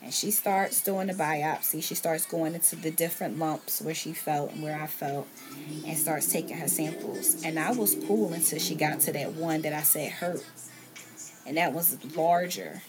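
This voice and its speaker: A woman's voice: deep voice, moderate pace, over music. A woman, a podcast guest, telling a personal story at home and acting out what others said to her. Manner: earnest, relives scenes by quoting others' words. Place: at home, in a bedroom with a TV on.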